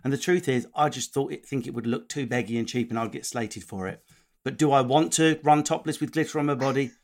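A man's voice: medium pitch, fairly quick. A man hosting a podcast, blunt and cheeky, swearing freely. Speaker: podcast host. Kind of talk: brash casual chat.

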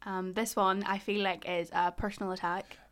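A woman's voice: medium pitch, little pitch movement, normal speed. A woman in her twenties with a Northern Irish Ballymena accent, co-hosting a casual podcast chat, chatty and jokey. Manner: chatty, laughs often, jokey. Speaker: podcast co-host.

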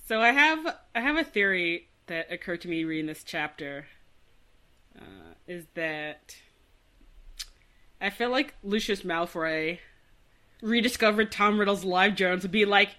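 A woman's voice: medium pitch, lively intonation, measured pace, pauses often, bright, forceful tone. A woman co-hosting a podcast, chatting casually and joking about a book. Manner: joking, often acts out silly voices of characters. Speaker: podcast co-host. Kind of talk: casual comedic book discussion.

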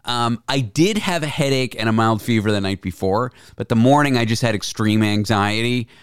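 A man hosting a casual talk show, with a slightly raspy morning voice, talking candidly and swearing freely. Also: medium pitch, moderate pace, no echo, clean studio sound. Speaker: host. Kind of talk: casual podcast chat. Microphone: studio mic with headphones.

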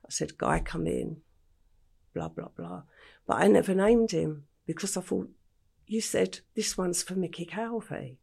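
An older English woman, a podcast interview guest, retelling her past slowly and matter-of-factly with quoted dialogue. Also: lowish voice, mellow. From England. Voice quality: gravelly, husky.

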